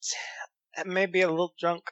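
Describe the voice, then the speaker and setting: A man's voice: sits high, flat delivery, unhurried, fairly bright tone, lo-fi sound, voice pushed up. A man voicing a tipsy male adventurer, putting on a wavering, slurred accent.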